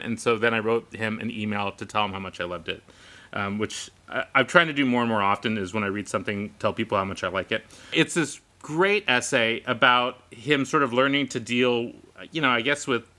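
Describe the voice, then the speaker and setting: A man co-hosting a podcast, telling stories in casual chat, laughing and acting out what others said. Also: medium pitch. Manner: animated, laughing storyteller who acts out quoted voices. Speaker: podcast co-host.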